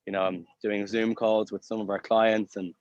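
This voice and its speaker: A man's voice: on the low side, flat delivery, moderate pace, darkish tone, no room sound, highs cut off. A man in his thirties with a Dublin accent, a podcast guest telling travel stories in a chatty way, full of fillers and restarts. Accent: Dublin Irish. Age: 30s. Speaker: podcast guest, hostel co-owner. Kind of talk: casual storytelling interview.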